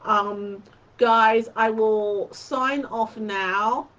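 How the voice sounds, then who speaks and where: Woman, live-stream quilting host, chatty and fond, raised pitch, dull lo-fi audio. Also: steady tone, drawn-out words, a bit bright. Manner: chatty, addresses viewers fondly. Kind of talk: casual live-stream chat.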